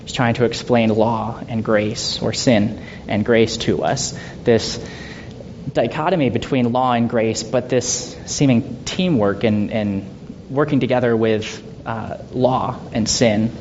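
A man leading a Bible study in a conversational way, asking rhetorical questions and laughing softly now and then. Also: fairly even intonation, takes it slowly. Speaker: Bible teacher. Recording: dull lo-fi sound with faint rumble.

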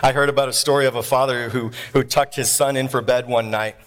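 A man preaching a sermon in an animated, jokey way, laughing often between points. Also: medium pitch, fairly quick. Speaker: pastor.

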